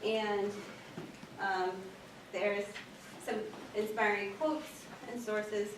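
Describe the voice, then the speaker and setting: A woman librarian giving a casual, animated workshop talk, chatting with plenty of fillers. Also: mid-range voice, drawn-out words. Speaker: children's librarian presenting at a workshop. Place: meeting room at a public library. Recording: echoey room, distant mic, faint noise.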